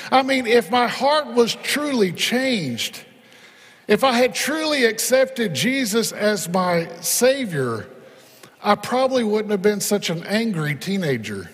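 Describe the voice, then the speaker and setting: A man's voice: high voice, big-room sound. A man preaching a sermon, telling stories in a chatty way and putting questions to his congregation. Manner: conversational storytelling, quizzes the congregation. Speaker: pastor.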